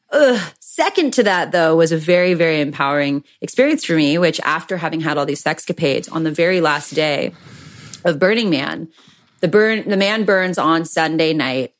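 A young adult woman co-hosting a podcast in casual chat, candid and effusive, swearing freely. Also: low-pitched. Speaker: podcast co-host.

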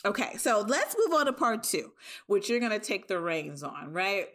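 Woman, podcast host, casual chat, animated, emotional retelling, mid pitch. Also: normal speed.

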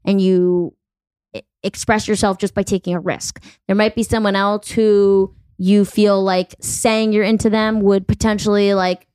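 A woman in her thirties hosting a podcast, talking in a blunt, profane, quick-joking way. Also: mid-range voice, flat delivery, a little mellow, clear, resonant tone, no echo. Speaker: podcast host. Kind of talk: casual podcast chat.

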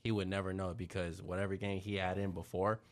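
A man's voice: deep voice, level tone, fairly quick. A young man co-hosting a casual podcast, telling a story in heavy slang and acting out the voices. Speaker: podcast co-host.

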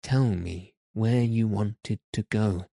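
A man reading the lines of a calm, kindly doctor who speaks gently and reassuringly. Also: lowish voice, takes it slowly, creaky, no echo, clean studio sound, full character voice. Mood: gentle.

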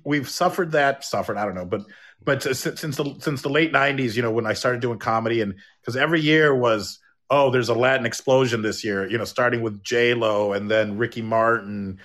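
A middle-aged male comedian hosts a podcast in a loose, chatty way. He rambles, stumbles over restarts, and tosses in jokes. His pitch is ordinary for a man. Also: normal speed, fairly bright tone. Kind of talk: casual podcast chat.

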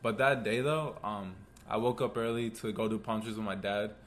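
A young man telling a story on a casual podcast chat, relaxed and loose, with lots of fillers. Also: lowish voice, normal speed. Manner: laid-back storytelling with frequent fillers. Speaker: podcast co-host.

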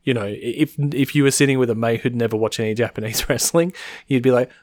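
A male podcast co-host chatting casually, with frequent laughter and some cursing. His voice sits at an ordinary middle pitch, recorded close and dry with no room sound. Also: fairly even intonation, fast talker, a little mellow, no room sound. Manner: laughs often, swears, acts out quoted voices. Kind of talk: casual wrestling podcast chat.

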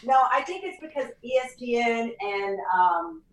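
A woman guest chatting in an animated, laughing way, full of quick asides. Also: on the high side, far from the mic, slight background noise. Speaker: guest, TV talk show host. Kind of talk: casual interview chat.

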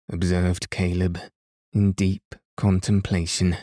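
Slow, deep-voiced man reading a bedtime story. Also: dry recording, clean studio sound. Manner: calm, gentle, unhurried. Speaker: podcast reader.

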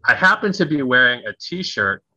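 Man with a very bright, forceful voice. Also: mid-range voice, normal speed, dry recording, dull audio. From United States (Wisconsin, then Tennessee). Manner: animated storyteller who acts out quoted voices and laughs at himself. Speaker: guest, conflict resolution coach. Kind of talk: podcast interview storytelling.

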